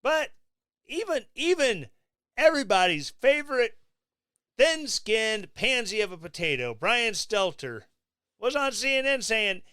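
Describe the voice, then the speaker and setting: A man hosting his own podcast, giving sarcastic, mocking political commentary in a casual, animated way. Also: very high-pitched, measured pace, clean tone, dry recording, studio quality. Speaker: podcast host.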